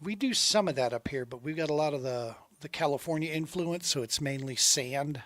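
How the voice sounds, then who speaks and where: A middle-aged man hosting a podcast, talking in a relaxed, rambling way and calling his guest "dude" and "man". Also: fairly high pitch, a little fast, dry recording. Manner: laid-back, rambling, says dude and man often. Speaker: podcast host. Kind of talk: casual interview chat.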